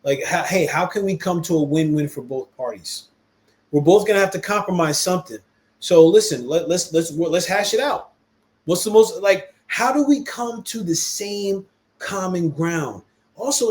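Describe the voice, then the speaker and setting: A man's voice: on the high side, moderate pace. A man hosting a casual podcast conversation, talking animatedly and emphatically and acting out quoted dialogue in shifting voices. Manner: animated, emphatic, calls listener "bro". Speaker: podcast host.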